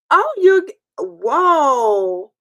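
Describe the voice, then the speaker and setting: A woman's voice: very high voice, fairly bright tone, no room sound. Chatty New woman hosting a stream. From New York. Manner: laughs often, chatty and playful with viewers. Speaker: host. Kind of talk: casual live-stream chat.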